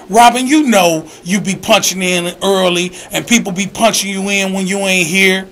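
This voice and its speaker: A man hosting a call-in show, telling stories in an animated, emphatic way with bursts of shouting. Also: extremely high pitch, slight background noise. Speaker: radio show host. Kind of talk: casual call-in chat.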